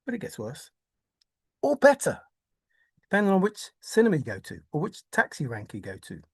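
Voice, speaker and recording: A woman's voice: low-pitched, wildly swooping pitch, moderate pace, breathy edge. Theatrical woman with a swooping voice. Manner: theatrical, exclaiming, mock-despairing, repetitive. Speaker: treasure hunt video maker. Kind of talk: excited solo monologue.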